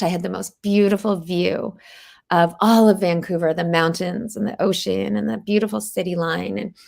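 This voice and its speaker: A woman's voice: on the low side, gravelly. A woman in her forties hosting a podcast interview, speaking earnestly and with emphasis. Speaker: podcast host.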